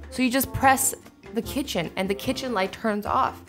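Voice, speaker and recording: A young woman in her twenties doing a casual reaction vlog at home, bubbly and animated, acting out quick little scenarios. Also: fairly high pitch, soft background music. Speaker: YouTuber reacting to invention ideas.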